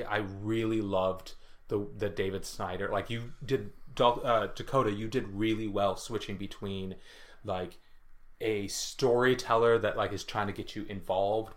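Low-voiced man chatting casually. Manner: rambling, many fillers. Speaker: podcast co-host and writer. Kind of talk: casual chat.

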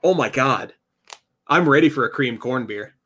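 Tasting beer and food during a late-night podcast stream, this co-host stays relaxed, laughing and rambling about the beer in casual chat. His voice is husky, medium in pitch, at normal speed.

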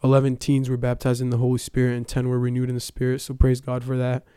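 A young man tells his church testimony in a relaxed, rambling way, leaning on fillers and retelling conversations. His voice is smooth and mellow, with little rise and fall. The sound is close and dry. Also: medium pitch, fast, no echo. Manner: casual, storytelling with many fillers. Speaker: church youth member giving testimony. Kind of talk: personal testimony.

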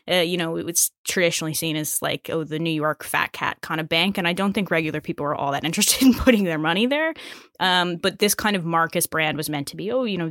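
A woman with a bright, forceful tone breaks down business news for a podcast. She talks quickly and casually, with plenty of fillers, and her voice sits close and dry on the mic. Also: on the low side, no echo. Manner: quick, explanatory, filler-heavy. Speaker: co-host analyst.

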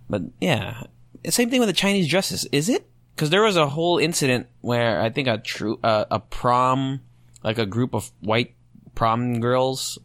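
Gravelly young man musing aloud. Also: on the low side, dry recording. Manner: thinking out loud, rambling with restarts and rhetorical questions. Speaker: podcast host. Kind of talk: solo podcast commentary, reading comments aloud.

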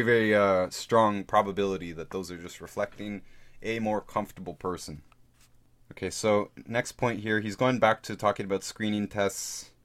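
A man hosting his own podcast, talking casually through a book and reading out passages. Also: sits low. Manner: conversational, thinks aloud, reads out quotes. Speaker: podcast host reviewing a book. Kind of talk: casual solo podcast talk.

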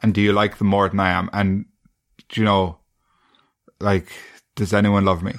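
An Irish man hosting a podcast, trading casual banter with dry, deadpan self-mocking jokes. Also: on the low side, moderate pace. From Ireland. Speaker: podcast host.

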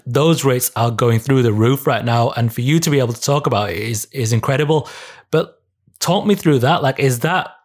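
A man interviewing a guest, asking questions in a thoughtful, encouraging way. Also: mid-range voice.

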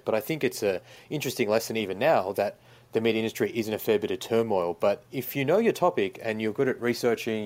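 Laid-back young aussie guy, kinda low voice, rambles with lots of "you know"s. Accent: Australian. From Australia. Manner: relaxed, rambling with many fillers. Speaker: guest, writer. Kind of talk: casual interview.

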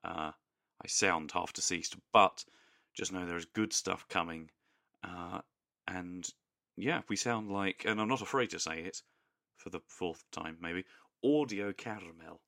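Hoarse, croaky man. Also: low voice, measured pace, no echo, clean studio sound. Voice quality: croaky, flat tone. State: hoarse after a sore throat. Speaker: podcast co-host. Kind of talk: casual chat. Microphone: studio podcast mic.

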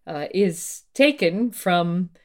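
A woman's voice: lowish voice, expressive, slow pace. A woman co-hosting a podcast, talking through fantasy book lore in a thoughtful, meandering way with many fillers and restarts. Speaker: podcast co-host. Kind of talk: casual discussion of fantasy lore.

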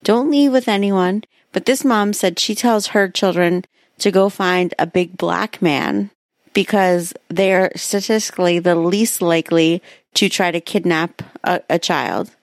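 A woman's voice: on the low side, steady tone, a little slow, no echo, clean studio sound. A woman co-hosting a casual podcast, telling stories with many fillers. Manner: rambling storyteller, heavy filler "like". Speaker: podcast co-host. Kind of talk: casual chat.

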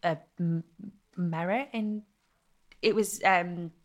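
A young woman, telling stories in a casual interview with lively, laughing chat. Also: lowish voice, takes it slowly. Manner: chatty, animated storytelling with laughs. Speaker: guest, content creator.

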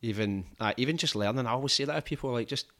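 A man with a strong Glaswegian accent chats casually on a podcast, swearing freely and rambling through anecdotes. His mid-range voice is a bit bright, and he talks very fast.

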